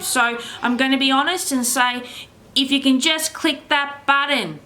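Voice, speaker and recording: A woman's voice: sits high, fairly even intonation, moderate pace, sharp tone, a little hiss or hum. An Australian woman, a doll artist, chatting casually to camera in a rambling, self-deprecating way.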